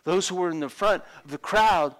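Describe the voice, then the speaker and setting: A man's voice: sits high, moderate pace, fairly bright tone. A middle-aged man preaching a sermon as a pastor, acting out the voices of people in the Bible story.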